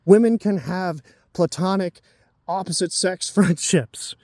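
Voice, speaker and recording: A man's voice: sits high, unhurried, a little mellow, dry recording, studio quality. A man in his twenties giving dating advice in a blunt, profane, ranting casual monologue. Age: 20s.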